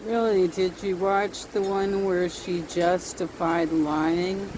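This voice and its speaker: A woman making short remarks in a slow, even delivery. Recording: loud noise and wind rumble on the mic.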